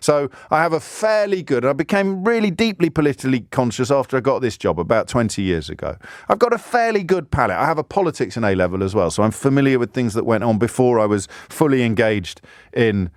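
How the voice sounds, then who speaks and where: A man in his fifties hosts a radio phone-in from the studio, giving an indignant, sarcastic monologue that escalates into anger. His medium-pitched voice swings widely and he talks fast. The studio microphone sound is clean with no echo.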